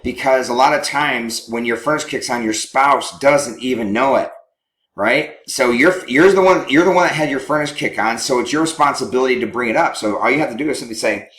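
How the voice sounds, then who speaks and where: A man teaching as a marriage counselor, animated and chuckling, often acting out quoted lines. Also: medium pitch, fairly quick. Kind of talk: teaching talk to couples. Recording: roomy echo.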